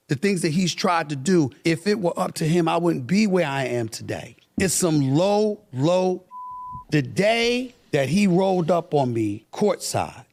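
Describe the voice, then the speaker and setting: Gravelly, animated indignant man. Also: on the high side. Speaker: interview guest. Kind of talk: heated interview answers.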